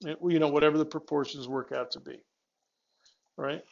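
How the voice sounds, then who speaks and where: A man's voice: a little high, fairly even intonation, brisk, creaky, dull audio. A male physics instructor giving a classroom lecture, talking students through the steps with restarts and checking questions.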